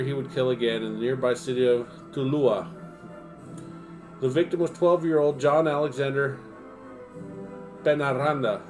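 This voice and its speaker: A man on a home livestream reading nonfiction aloud and breaking off into profane, self-mocking asides. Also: mid-range voice. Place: home streaming setup.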